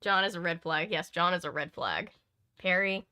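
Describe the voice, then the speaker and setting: A woman's voice: fairly low pitch, animated, moderate pace, bright, forceful tone. A woman hosting a casual read-aloud at home, breaking off often for playful, teasing asides to her cat. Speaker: host reading a book aloud.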